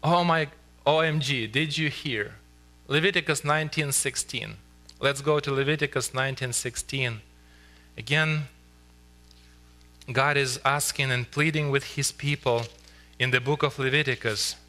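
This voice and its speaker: Man, pastor, sermon in church; earnest, pleading, slows for emphasis; very bright tone. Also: medium pitch. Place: church sanctuary.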